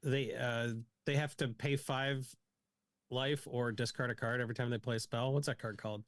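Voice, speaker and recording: A man's voice: medium pitch, moderate pace, no echo. A man co-hosting a podcast, chatting casually about building a card game deck and teasing his co-host. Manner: joking, teasing, animated.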